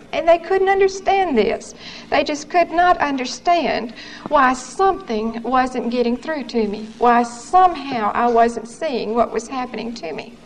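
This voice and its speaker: Woman, 30s, earnest testimony, higher voice, faint noise on a 1970s recording. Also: measured pace, low-quality recording. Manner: earnest, candid storytelling with quoted dialogue. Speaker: testimony speaker. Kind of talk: personal testimony.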